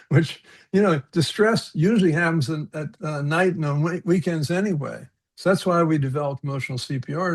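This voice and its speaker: On a video-call webinar panel, a man with a creaky, slightly rough, somewhat mellow voice on the high side shares personal stories. He's sincere and thoughtful, chuckles at his own tales, and frequently repeats words or begins sentences again.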